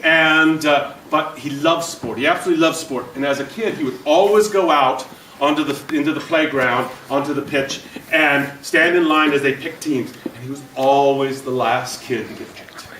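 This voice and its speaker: A man giving an energetic, jokey motivational talk to a business audience and questioning the crowd. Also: fairly high pitch, moderate pace, reverberant, recorded from a distance, slight background noise, rough recording. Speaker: speaker at a business event. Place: event room before an audience.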